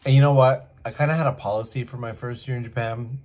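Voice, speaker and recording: A man from Canada telling a story casually, lively and full of asides, as host. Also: medium pitch, quick pace, slight background noise. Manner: animated, acts out voices, many asides.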